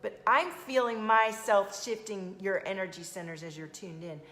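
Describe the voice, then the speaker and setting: A woman spiritual coach hosting a live stream, talking casually to viewers and greeting them by name in a soft, soothing way. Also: medium pitch, steady tone, normal speed, reverberant. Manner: chatty, addresses viewers by name.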